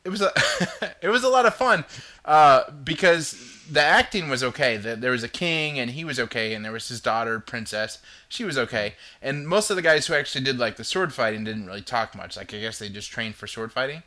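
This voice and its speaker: A man's voice: medium pitch, animated, a little fast, sharp tone. A man hosting a show, rambling casually as he tells a story. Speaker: podcast host. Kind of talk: casual chat.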